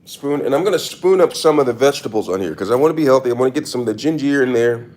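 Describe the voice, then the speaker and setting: A man's voice: medium pitch, animated, very fast, a little mellow. A man doing a casual cooking demo in his kitchen, hamming it up with mock-serious tips and repeated catchphrases. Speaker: cooking vlogger. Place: home kitchen.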